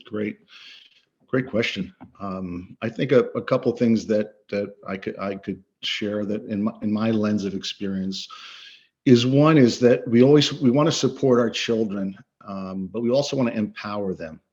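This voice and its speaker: A man's voice: fairly low pitch, moderate pace, darkish tone. Earnest, emphatic man on a video call. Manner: earnest, emphatic, repeats words for stress. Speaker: coach and guest speaker. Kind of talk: interview conversation. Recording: slightly dull lo-fi audio.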